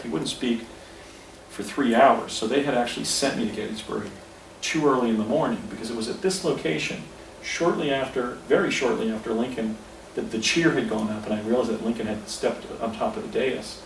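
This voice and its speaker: A man's voice: medium pitch, creaky. Man in his 50s rambling thru a story outdoors, far from the mic, echoey. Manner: rambling, self-correcting, pointing things out. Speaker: speaker recounting an experience. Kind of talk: casual storytelling on location. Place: outdoors at a historic site. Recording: distant, echoey, faint outdoor noise.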